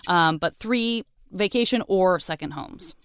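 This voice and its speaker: A woman's voice: fairly low pitch, animated, measured pace, clean tone, no echo. A woman hosting a podcast interview, chatty and enthusiastic, rambling through her questions. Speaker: podcast host. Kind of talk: casual interview chat.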